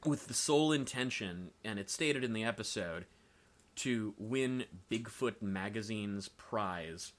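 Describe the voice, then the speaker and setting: A man who works as a voice actor, chatting casually as a podcast guest in an animated way, laughing often and swearing freely. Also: on the low side, unhurried.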